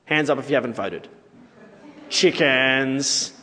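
Lively conversational preacher in a hall. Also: male voice, a little high, normal speed. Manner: conversational, playful asides to the audience. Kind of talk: sermon.

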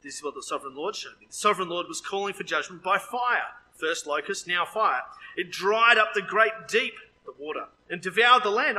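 A man preaching a sermon, lively with joking asides, his voice leaping up when he quotes. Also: sits high, normal speed, hardly any pauses, rough recording.

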